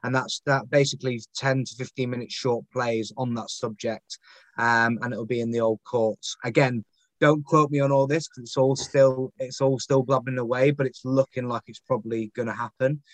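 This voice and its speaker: A man's voice: medium pitch, fairly even intonation, moderate pace, no echo. A man with a Northern English accent, a guest actor and poet talking casually in a podcast interview, rambling and self-deprecating with lots of fillers. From Northern England.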